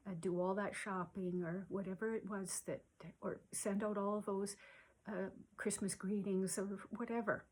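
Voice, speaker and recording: A soft-spoken woman talks slowly and gently, giving self-care advice to the camera. Her voice is breathy and husky, and she often drops almost to a whisper between unhurried pauses. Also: mid-range voice.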